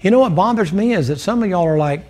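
A man preaching with folksy humor and sudden bursts of energy. His voice sits fairly high and swings widely up and down as he drives his points home. He talks to the congregation like a neighbor over supper. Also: fast talker, slight background noise. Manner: folksy, animated preaching with jokes. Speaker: pastor. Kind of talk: sermon.

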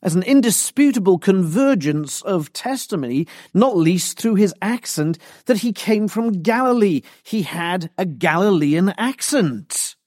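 A man preaching an expository sermon, deliberate and emphatic. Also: high voice, expressive, a little mellow, no echo, clean studio sound.

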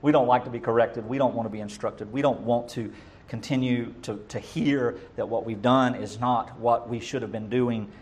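A middle-aged man preaching a sermon as pastor, emphatic, swinging between loud bursts and quiet asides. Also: medium pitch, fairly even intonation, normal speed.

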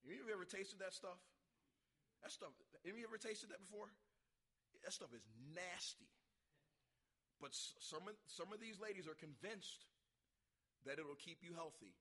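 A man preaching a revival sermon with passion, asking the congregation questions and breaking into loud shouts. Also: high-pitched, moderate pace, long pauses.

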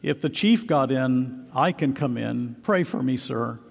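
A man's voice: medium pitch, measured pace, vocal fry. A man voicing a feeble dying woman. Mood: earnest. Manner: feeble, earnest. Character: weary dying woman afraid of judgment. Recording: long hall reverb.

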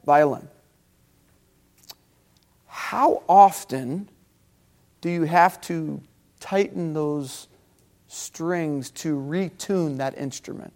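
A man preaching a sermon, animated and talking directly with his congregation. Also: a little high, drawn-out words, long pauses. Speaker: pastor.

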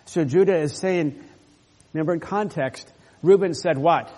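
Preaching at a moderate pace, this pastor explains a scripture passage earnestly, leaning hard on key words. His warm voice is slightly high for a man and rings with the long echo of a sanctuary.

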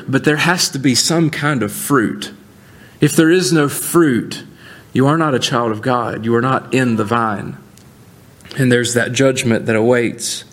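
A man preaching a sermon as pastor, earnest and deliberate, slowing down to stress key words. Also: a little high.

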